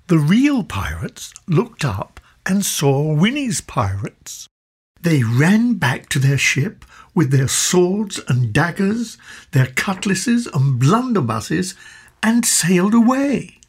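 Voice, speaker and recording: Husky low-voiced woman reading a storybook. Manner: expressive, slow storytelling. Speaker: narrator.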